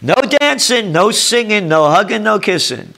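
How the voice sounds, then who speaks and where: An older man with a thick New York accent delivers a ranting commentary, sarcastic and emphatic. His voice sits a bit high and sounds bright and forceful, hammering each point home. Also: sing-song, normal speed, creaky. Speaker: trend forecaster.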